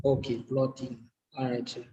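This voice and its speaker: A man studying to preach, reading his notes aloud and sounding out hard words slowly and carefully, with English not his first language. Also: medium pitch, completely flat delivery, dark tone, highs cut off. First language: a language other than English. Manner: slow and careful, sounds out and repeats difficult words. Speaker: preaching student.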